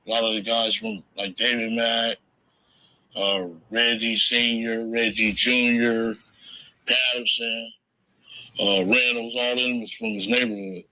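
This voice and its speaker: A man gives an interview with an easy, laid-back delivery. His talk is slangy and full of curses. His voice has a strikingly bright, forward edge and sits at a mid pitch. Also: level tone, a little slow, poor audio. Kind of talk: casual storytelling.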